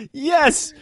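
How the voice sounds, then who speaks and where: A man's voice: very high-pitched, no echo, clean studio sound. A man co-hosting a podcast in casual chat, joking and playful, swearing now and then. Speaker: podcast co-host, magician.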